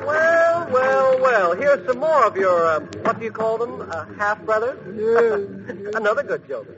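A man's voice: very high-pitched, expressive, unhurried. Breezy fearless boy hero. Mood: joking. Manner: breezy, joking, unflappable. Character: fearless cheeky young hero Bud, a boy. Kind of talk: 1940s radio acting. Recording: dull old radio broadcast with hiss.

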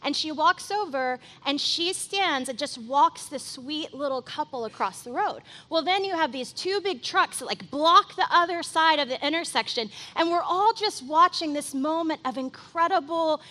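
A woman delivers a sermon in a high, bright voice. She talks conversationally and with animation, often saying "like," as if chatting with her congregation. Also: moderate pace, hardly any pauses. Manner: conversational and animated, heavy use of "like". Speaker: pastor.

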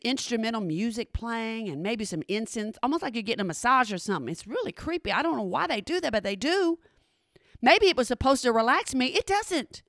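A middle-aged woman, her voice high and bright, tells her followers a personal story with animated drama, addressing them directly. The audio is close and dry, without any echo.

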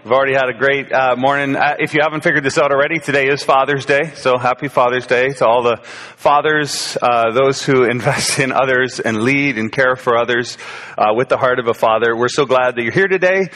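Man in his forties, pastor, casual sermon delivery, mid-pitched voice, long hall reverb. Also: fairly even intonation, fairly quick, a bit bright. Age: 40s. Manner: conversational, self-deprecating, frequent fillers and restarts. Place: church sanctuary.

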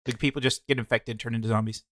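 A man talking casually about a film, animated and repeating words as he builds his point. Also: medium pitch, quick pace, dry recording, studio quality. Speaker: podcast co-host.

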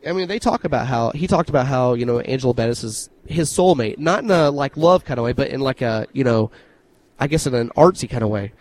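A man co-hosting a podcast, telling stories in an animated, casual way and swearing freely. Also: medium pitch, a little fast, low-quality recording. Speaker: podcast co-host. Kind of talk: casual chat.

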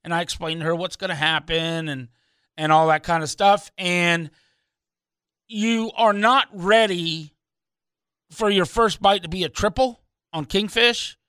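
Bright high-voiced rambling fishing captain. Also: male voice, measured pace, smooth, dry recording. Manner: rambling, animated, restarts with "anyhow". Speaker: fishing charter captain and show host. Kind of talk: casual radio storytelling.

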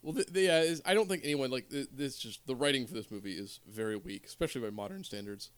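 Male co-host, mid-pitched everyday voice, opinionated, halting and rambling. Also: expressive, smooth. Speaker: podcast co-host. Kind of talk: casual chat.

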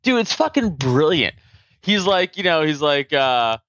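A man chatting casually on a podcast, profane and animated, acting out comedians' jokes with a raised voice. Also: a little high, moderate pace, no echo, highs cut off. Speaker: podcast host.

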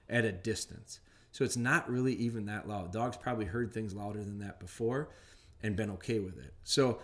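A middle-aged man hosting a podcast, explaining dog training in a rambling, plainspoken way. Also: fairly low pitch. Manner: rambling, plainspoken, restarts often. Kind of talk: casual instructional talk.

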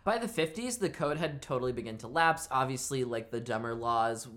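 A woman's voice: extremely low pitch, animated, brisk, fairly bright tone. A woman co-hosting a podcast, reading prepared history notes with loose, casual asides and swearing. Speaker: podcast co-host.

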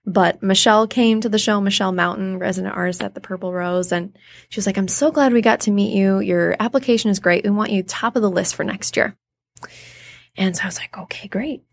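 An animated woman in her thirties talks as an interview guest. Her pitch is middling. She tells stories and acts out the people she quotes. The sound is dry and close to the mic. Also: a little fast, creaky, no room sound. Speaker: guest, theater artist. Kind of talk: casual interview storytelling.

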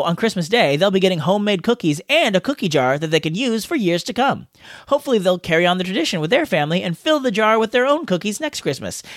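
A podcast host with a high, slightly bright voice reads listener letters aloud in a playful, jokey manner during casual chat. The sound is clean studio audio with no room sound.

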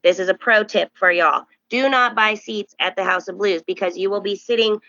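A young woman hosting a podcast, telling a story in casual chat and acting out the quoted voices with high, animated bursts. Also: moderate pace, dry recording, highs cut off. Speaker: podcast host.

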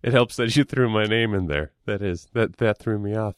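A man's voice: lowish voice, normal speed, heavy background noise. A man in casual conversation, curious and laughing often as he asks questions. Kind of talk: casual chat.

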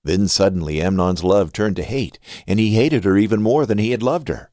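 A man hosting a podcast and reading scripture aloud in an expressive, scripted way. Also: lowish voice, fairly quick, dry recording, clean studio sound. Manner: expressive reading with a lively rise and fall.

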